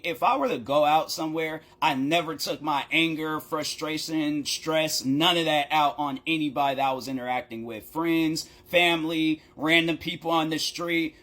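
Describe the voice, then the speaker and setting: A man casually telling a story time vlog, rambling and animated, often laughing and acting out what people said. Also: a little high. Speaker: content creator.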